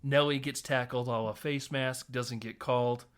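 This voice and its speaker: A man in his thirties hosting a casual film podcast, retelling scenes in an animated way with frequent laughter and casual swearing. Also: medium pitch, moderate pace, clean tone. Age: 30s. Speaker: podcast host. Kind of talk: casual film recap chat.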